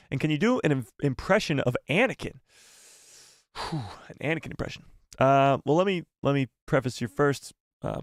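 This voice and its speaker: Excitable male live-stream host. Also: mid-range voice, dry recording, clean studio sound. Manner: excitable, exclamatory. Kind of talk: casual live-stream chat.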